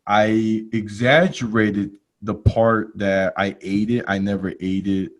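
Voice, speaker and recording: A male podcast host telling a comic story in casual slangy talk, laughing along and jumping to loud exclaims when he quotes himself. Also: fairly low pitch, slow pace. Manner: animated, jumps to loud exclaims in quoted lines.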